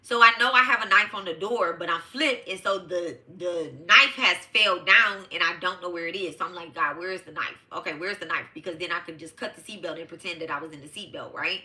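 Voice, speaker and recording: A woman's voice: lowish voice, a little fast, hardly any pauses, pushed and bright. A middle-aged woman from Detroit telling a personal story to her live audience in a casual, emphatic and profane way, calling them y'all. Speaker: host of a live tarot show.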